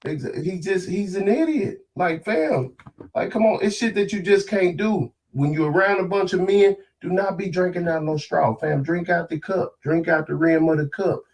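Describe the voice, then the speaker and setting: A man's voice: high-pitched, moderate pace, darkish tone, distant mic. A man on a podcast with several other men, talking heatedly and profanely, preaching about what can't be said around kids. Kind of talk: heated casual podcast talk.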